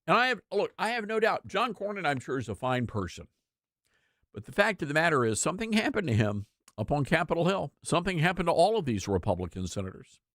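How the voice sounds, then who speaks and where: A man's voice: a little high, sing-song, fast talker, a bit bright, dry recording. A man hosting a talk radio show, giving opinionated political commentary with emphatic repetition into a studio mic. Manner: emphatic, repeats lines for effect.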